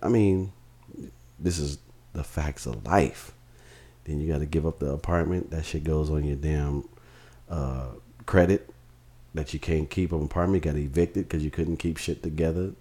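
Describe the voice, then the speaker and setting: A man's voice: fairly even intonation, moderate pace. A man in casual chat, teasing and swearing freely. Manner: loud teasing, swearing freely, jumps to high exclaims.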